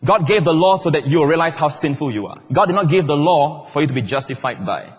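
A man preaching, his husky, slightly raised voice carrying through a big hall with a long echo. He keeps checking in with listeners and slips in playful asides between points. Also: fairly high pitch, expressive, fast. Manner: playful, teasing asides to the congregation. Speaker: pastor. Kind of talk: sermon. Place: large church hall.

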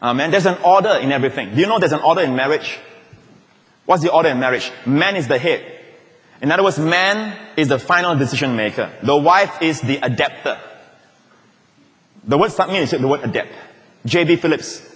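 A pastor, preaching a lively sermon with jokes and playful asides. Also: male voice, fairly high pitch, fairly quick. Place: large church auditorium. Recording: long reverb of a large hall.

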